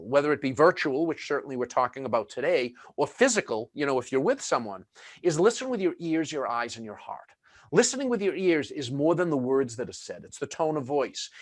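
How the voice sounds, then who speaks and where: A man's voice: fairly high pitch, no echo, clean studio sound. Chatty man giving a webinar talk. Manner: chatty, many fillers and asides. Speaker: webinar presenter.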